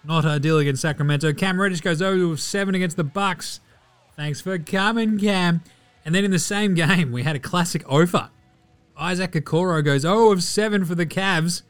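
Joking Australian sports podcast host. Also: male voice, sits high, a bit bright. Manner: profane, joking, mimics players in asides. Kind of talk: casual sports chat.

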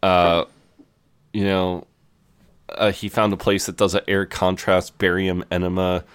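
A British man co-hosting a podcast, recapping a TV episode in a halting casual way with many fillers. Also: low-pitched, flat delivery, a bit bright, clean tone. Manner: halting with fillers like uh, you know. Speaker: podcast co-host.

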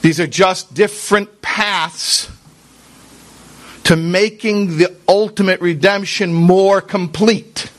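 A rabbi giving a Torah class speaks earnestly and conversationally, addressing listeners directly with rhetorical questions and weaving in Hebrew and Yiddish religious terms. His high voice is steady and slow.

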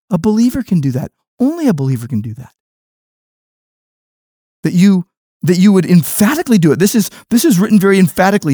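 A man preaching a sermon as pastor, emphatic, shifting between quiet low phrases and raised stressed words. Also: sing-song, brisk, no room sound, studio quality.

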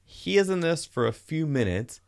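A man co-hosting a podcast, chatting casually about a film in an animated, rambling way that corrects itself. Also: a little high, moderate pace, creaky. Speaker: podcast co-host. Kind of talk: casual movie review chat.

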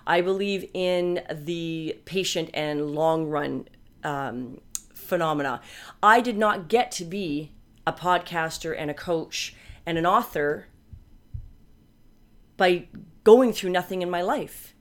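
A woman's voice: fairly low pitch, slow pace. A woman in her fifties talking candidly in a personal podcast monologue, reflective and often correcting herself as she goes. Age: 50s. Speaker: podcaster and coach.

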